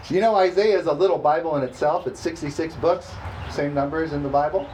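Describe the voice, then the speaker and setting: A man preaching a sermon, reading scripture slowly and emphatically and calling for responses from the congregation. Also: on the high side, a little mellow, a little hiss or hum, low-quality recording. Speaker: pastor.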